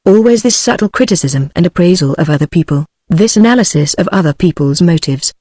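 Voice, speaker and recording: A text-to-speech woman's voice with a British English accent, reading a novel aloud in a steady, even audiobook style. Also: fairly low pitch, brisk, no echo. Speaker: audiobook narrator. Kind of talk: synthetic audiobook narration.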